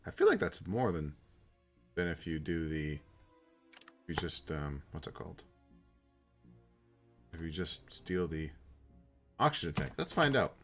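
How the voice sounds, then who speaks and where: A man with a deep voice talks through a retro game playthrough. He muses aloud in a relaxed, offhand way, pausing with fillers as he decides his next move. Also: faint music behind. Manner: casual, thinking aloud with fillers. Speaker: gaming channel host. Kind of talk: let's play commentary, reading dialogue aloud.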